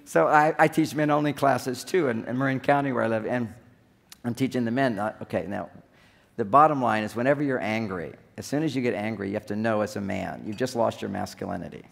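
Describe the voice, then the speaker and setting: A man's voice: medium pitch, a little fast, gravelly. A man giving a humorous seminar talk on relationships, acting out little scenes as he goes. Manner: joking, acts out little scenes. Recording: long hall reverb.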